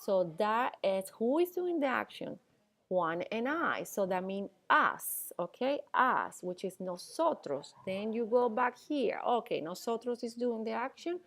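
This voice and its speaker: A woman's voice: fairly high pitch, lively intonation, fairly bright tone. Patient woman teaching, checking in often. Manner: explains slowly with frequent "okay?" and "all right?" checks. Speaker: Spanish teacher. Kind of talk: classroom lecture.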